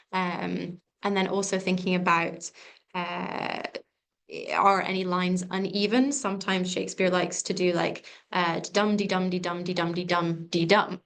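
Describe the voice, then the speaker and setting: A woman's voice: lowish voice, fairly even intonation, a little slow, vocal fry. A woman giving a live exam revision session, chatty and informal, with frequent ums and self-corrections. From England. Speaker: revision tutor.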